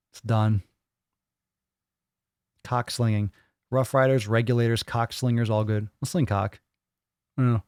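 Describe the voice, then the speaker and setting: During a live fitness Q&A, a man with a medium-pitched, darkish voice reads viewer comments, chatting crudely, joking, and mimicking others' voices mockingly. He's the podcast host, recorded on a studio microphone with clean, echo-free sound.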